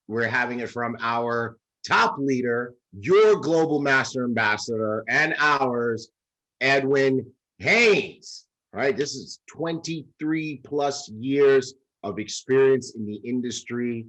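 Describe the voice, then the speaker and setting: An energetic man hosting a livestream, greeting viewers one after another with hype. His pitch sits in the middle range for a man, and his delivery stays upbeat and lively. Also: poor audio. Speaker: host. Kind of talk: livestream shout-outs.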